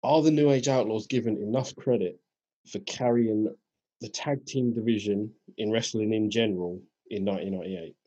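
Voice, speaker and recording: Low husky laid-back man. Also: steady tone, moderate pace, warm tone, highs cut off. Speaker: podcast co-host. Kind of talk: casual chat.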